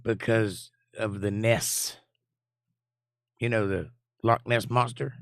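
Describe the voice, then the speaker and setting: A hoarse man with a gravelly, scratchy voice hosts a relaxed live chat stream, reading messages and cracking jokes. His voice is nearly gone, low and rough. The sound is dry and close, with no room around it. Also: dry recording. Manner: laid-back, jokey, reads chat messages aloud. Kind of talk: casual chat.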